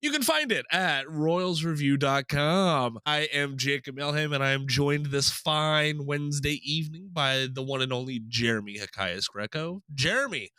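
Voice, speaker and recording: A man's voice: a little high, moderate pace, hardly any pauses, smooth, no room sound. A man hosting a casual sports podcast, upbeat and jokey. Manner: upbeat, jokey, lively delivery. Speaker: podcast host.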